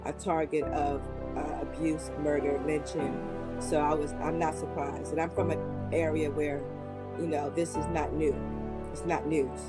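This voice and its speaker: Woman in her sixties, lower-pitched voice. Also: level tone, over music. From United States. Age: 60s. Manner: measured, with frequent um and you know. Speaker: interviewee. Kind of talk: documentary interview.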